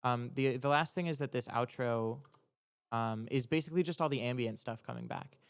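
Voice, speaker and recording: A young man, a music producer, talking casually on a livestream as he breaks down his own track, rambling and halting with lots of ums, restarts and casual swearing. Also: medium pitch, smooth. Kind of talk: casual explanatory livestream talk.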